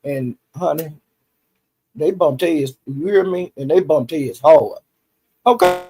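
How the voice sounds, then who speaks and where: A man's voice: a little high, slow, mellow, breathy edge. A man, recapping online drama in a rambling, folksy way full of fillers. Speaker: YouTube commentary host.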